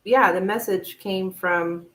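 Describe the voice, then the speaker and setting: A woman hosting a live tarot reading stream, chatting casually with viewers in an animated, upbeat way. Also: mid-range voice, slow pace. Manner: chatty, animated, laughs often, thanks viewers warmly. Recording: roomy echo.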